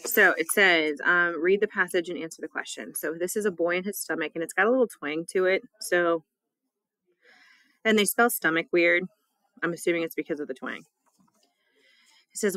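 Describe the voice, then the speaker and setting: A woman's voice: on the low side, moderate pace, long pauses, pushed and bright, no room sound. A woman teacher reading a test and a poem aloud for her students, in a casual, chatty way with small laughs.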